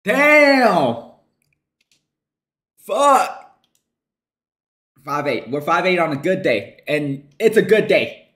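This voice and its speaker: A young man giving casual, excitable gameplay commentary while playing a football video game, swearing, joking and shouting at the screen. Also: fairly high pitch, moderate pace. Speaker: gaming streamer.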